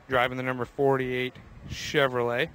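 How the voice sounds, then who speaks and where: A man's voice: mid-range voice, little pitch movement, moderate pace, fairly bright tone, slight background noise, low-quality recording. A young man walks through a racetrack garage outdoors, hosting a live tour in an upbeat, chatty way. He calls out viewers by name as he goes, his voice sitting in a middle register. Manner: walking while talking. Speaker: host. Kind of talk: live walking tour commentary.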